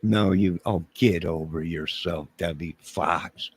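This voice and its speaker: A man's voice: low-pitched, slow pace, slightly rough, dry recording. A man livestreaming, joking with his chat in a mock-indignant way and talking back to viewers.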